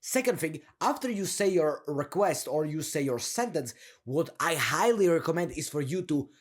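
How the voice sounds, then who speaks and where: Speaking at normal speed, a young man offers laid-back tips on sounding confident. His tone is lively and full of slang, with frequent laughter, and he shows off a deep, downward-turning way of talking.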